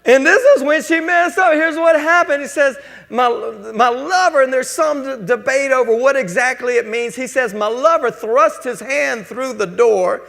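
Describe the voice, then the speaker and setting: A male pastor preaching a sermon in a folksy, joking, energetic way. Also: extremely high pitch, moderate pace, vocal fry. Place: church sanctuary. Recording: church hall reverb.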